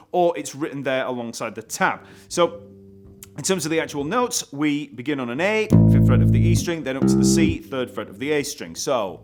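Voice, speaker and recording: A man teaching an online bass lesson, explaining step by step and counting beats aloud.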